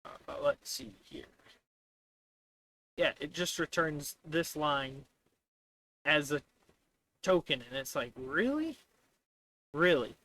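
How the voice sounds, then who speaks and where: A man streaming live while coding, rambling in exasperation and mocking the software by voicing what it says back to him. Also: on the high side, steady tone, takes it slowly, pauses often. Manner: exasperated, rambling, mocks the software in quoted voices.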